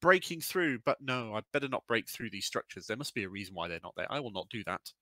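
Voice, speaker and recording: A man putting on the voice of a naive, eager male sorcerer prince who frets in a hurried, high voice. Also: very animated, bright, forceful tone, no room sound. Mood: fretful.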